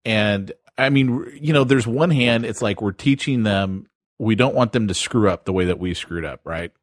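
A man with a fairly low voice co-hosts a podcast in relaxed conversation. He speaks in a reflective, easygoing way. The recording is dry, with little room sound. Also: normal speed, no echo. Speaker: podcast co-host. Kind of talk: casual podcast chat.

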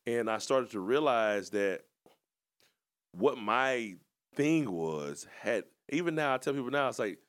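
A man's voice: medium pitch, animated, a little slow. A man co-hosting a podcast, telling his story in a casual, rambling, reflective way. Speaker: podcast co-host and coach.

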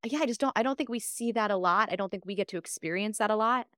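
A woman's voice: medium pitch, fast talker, no room sound, clean studio sound. A woman co-hosting a podcast, telling stories in casual chat and acting out the dialogue. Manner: animated storyteller, acts out quoted dialogue. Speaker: podcast co-host.

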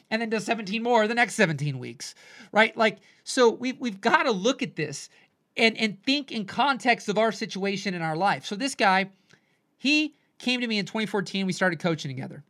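Bright-voiced animated podcast coach. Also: mid-range voice. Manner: animated, swings into quoted voices, repeats "right?". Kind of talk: solo podcast monologue.

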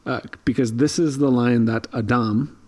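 A man's voice: medium pitch, steady tone, moderate pace, darkish tone. A man co-hosting a casual Bible study podcast, explaining thoughtfully with frequent ums and restarts. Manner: thoughtful, many fillers and restarts. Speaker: podcast co-host.

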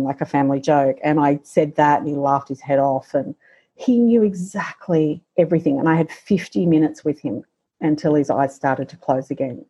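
A middle-aged woman telling a personal story in conversation as a guest, halting and reflective, with frequent pauses and restarts. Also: deep voice, dark tone, breathy edge, highs cut off.

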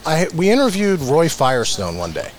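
A middle-aged man from New Jersey, a guest telling stories in a casual interview, acting out quotes with big jumps in his voice. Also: normal speed. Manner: animated storyteller, acts out quotes with big pitch jumps. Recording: noisy room recording.

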